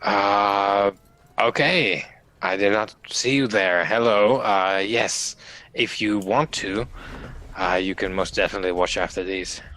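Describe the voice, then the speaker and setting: A man playing a tabletop role-playing game, speaking his character's lines in a formal, measured way. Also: fairly low pitch, bright, forceful tone. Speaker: player.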